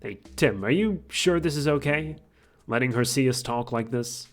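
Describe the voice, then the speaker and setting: A man's voice: medium pitch, moderate pace, soft background music, close to an everyday voice. A man reading out the lines of a chatty little male mouse detective from a game, in a casual, confiding voice. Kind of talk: reading game dialogue aloud.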